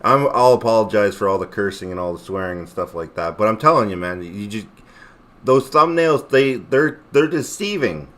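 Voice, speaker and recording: A man hosting a livestream in a loose, rambling rant, full of jokes and swearing. His voice sits a little low. He talks straight to his chat. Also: expressive, moderate pace, a bit bright. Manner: rambling, swears a lot, jokey. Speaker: livestream host.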